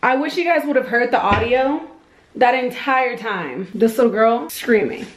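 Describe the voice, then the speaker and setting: A woman's voice: fairly high pitch, lively intonation, normal speed. A young woman vlogging at home in a casual, chatty way, talking to viewers and coaxing her toddler. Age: young adult. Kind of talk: casual vlog talk to camera. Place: home kitchen and living room, indoors. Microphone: camera set up in the room. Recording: echoey room.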